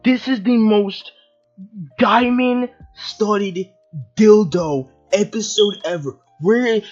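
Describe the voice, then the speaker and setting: A woman ranting in a video review. She is profane and exasperated and often breaks into shouts. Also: mid-range voice, takes it slowly, lo-fi sound, faint music behind. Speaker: video commentator. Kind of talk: angry review rant.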